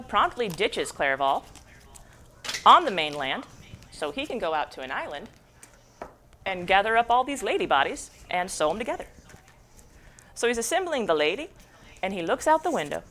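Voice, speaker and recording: A woman's voice: medium pitch, sing-song, normal speed, long pauses, a bit bright, a little hiss or hum. A young adult woman giving a jokey, slangy, casual book summary as a book club presenter.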